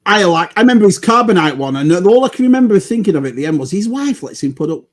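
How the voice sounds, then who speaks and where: A man's voice: high voice, sing-song, fast. A man co-hosting a live stream, telling easygoing, rambling stories. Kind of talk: casual chat.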